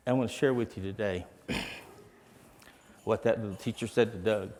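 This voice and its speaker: Speaking to educators in a large hall, this man gives a dramatic, heartfelt testimony meant to motivate. His lowish voice stays steady and a little mellow at normal speed, with slight background noise and the hall's long reverb.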